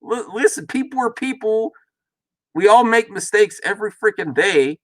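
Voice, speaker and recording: Lively-voiced man musing aloud. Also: high voice, a little slow, pauses often, no room sound. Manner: rambling, self-interrupting, chuckling asides. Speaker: reaction video host. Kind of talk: casual commentary. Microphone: worn face mask while talking.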